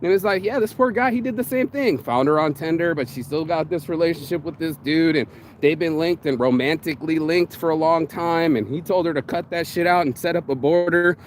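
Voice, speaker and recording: Man, profane rambling rant, slightly higher voice, faint traffic noise outdoors. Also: brisk. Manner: profane, rambling, talks in circles with restarts. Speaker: vlogger. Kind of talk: ranting monologue.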